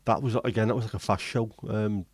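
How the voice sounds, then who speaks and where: A man's voice: on the low side, fairly even intonation, fast talker, breathy edge, dry recording. A man hosting a livestream, chatting casually, joking and swearing as he reads viewer comments. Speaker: livestream host.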